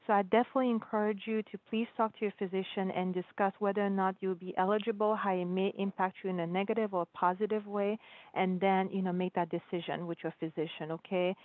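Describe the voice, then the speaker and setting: A woman's voice: medium pitch, fairly even intonation, quick pace. A woman physician answering community questions on a virtual town hall, explaining patiently with frequent restarts. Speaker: guest physician. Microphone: video call. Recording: dry phone-like audio.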